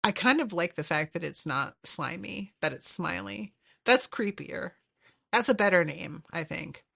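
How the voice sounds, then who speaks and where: A woman's voice: fairly low pitch, expressive, a little slow, gravelly, pushed and bright. A woman hosting a podcast, chatting casually and animatedly with lots of fillers and swearing. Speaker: podcast host. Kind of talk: casual recap chat.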